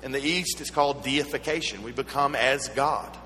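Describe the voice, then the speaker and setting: A man with a Southern American accent preaching a sermon, mixing earnest teaching with personal stories and gentle humor. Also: mid-range voice, moderate pace. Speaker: pastor. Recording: echoey hall with faint hum.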